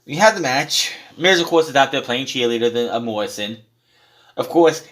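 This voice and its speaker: A man's voice: a little high, fairly bright tone. A man recapping a wrestling show on his own, blunt and sarcastic, swearing freely as he goes through the matches. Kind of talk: casual solo show recap.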